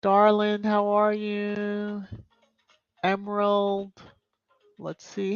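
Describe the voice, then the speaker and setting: A woman hosts a casual YouTube live stream, reading comments, greeting viewers by name and tossing in emphatic asides. Her medium-pitched voice varies little in pitch, and she talks slowly with long pauses. The tone is clean with no room sound, though the recording is muffled.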